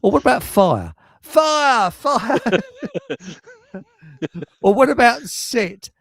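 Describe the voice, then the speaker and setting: A man's voice: high voice, wildly swooping pitch, takes it slowly, vocal fry. An older man hosting a livestream, rambling through jokes and reading chat messages aloud with frequent chuckles. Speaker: livestream host. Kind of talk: casual chat telling jokes.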